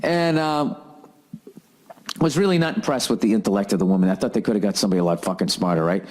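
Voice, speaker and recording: A man ranting as a comedian and podcast host, telling a story in an animated, profanity-heavy way. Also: low voice, racing.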